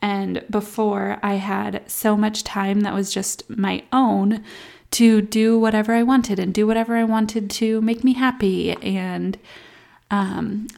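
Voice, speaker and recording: Candid new mom vlogging at home. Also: female voice, mid-range voice, vocal fry. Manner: candid, reflective, soft baby talk asides. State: emotional, near tears at times. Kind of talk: casual confessional vlog.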